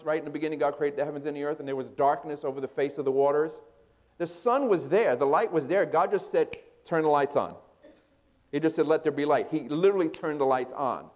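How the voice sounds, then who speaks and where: A man preaching a sermon as a pastor. He questions the congregation and moves between loud emphasis and hushed storytelling. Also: a little high.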